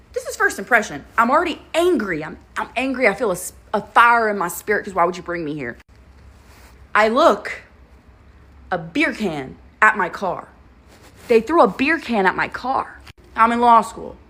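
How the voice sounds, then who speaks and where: A woman's voice: mid-range voice, a bit bright. Girl in her 20s doing a storytime, sarcastic, swears a lot, no filter. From Kentucky, US. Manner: blunt, profane, sarcastic storytelling. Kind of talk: casual storytime vlog.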